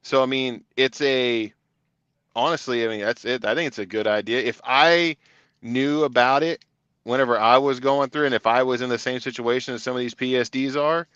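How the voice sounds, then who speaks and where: A man with a smooth, resonant voice chats in a relaxed, rambling way on a podcast. The sound is dry and a little dull. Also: medium pitch, normal speed, dry recording. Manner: laid-back, talks in long run-on explanations. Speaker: CDL instructor, co-host. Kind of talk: casual podcast chat.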